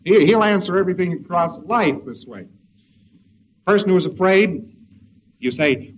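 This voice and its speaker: A man giving a conversational lecture, halting and repeating words as he goes, on a lo-fi tape with faint hiss. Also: high-pitched, animated.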